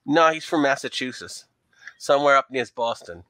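A man with a New York accent voicing a worried young woman from a dance troupe, answering haltingly with many fillers. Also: medium pitch, expressive, bright, forceful tone, no room sound. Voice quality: broad, leaned-in street accent.

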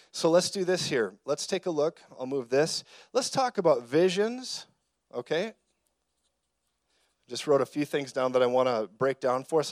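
A man's voice: medium pitch, dry recording. Preaching man, dry close sound. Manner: conversational preaching, storytelling asides, rises to shouted emphasis. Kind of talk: sermon.

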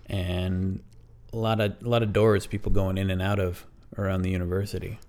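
Low gravelly man rambling through a story. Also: little pitch movement, a little fast, darkish tone. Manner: rambling, hesitant, dry humor. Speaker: podcast co-host. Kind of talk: improvised bedtime storytelling.

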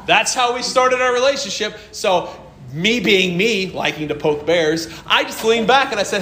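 Bright animated preacher telling stories. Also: male voice, high voice, moderate pace, roomy sound, slight background noise. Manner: storytelling, acts out dialogue, laughs often. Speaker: pastor. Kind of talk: sermon.

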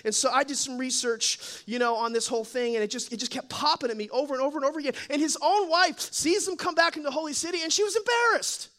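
A man preaching with a very high, bright, sharp voice. He tells stories in an animated way, acting out the lines of the people in them and adding playful asides. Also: quick pace, few pauses. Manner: animated storytelling, acts out quotes, playful asides. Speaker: pastor. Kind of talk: sermon.

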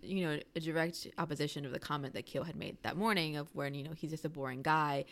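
A woman's voice: low-pitched, quick pace, vocal fry. A young woman co-hosting a podcast, recapping a show in a rambling casual chat, full of "like". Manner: rambling, heavy use of filler "like". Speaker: podcast co-host.

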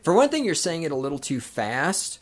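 A man's voice: a little high, big pitch swings, fairly quick. A man with a Southern American accent, a guest podcast host chatting casually in a brash, emphatic, joking way. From Southern United States.

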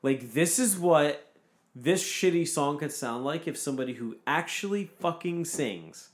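A man's voice: on the high side, lively intonation, unhurried. Profane ranting man, casual chat.

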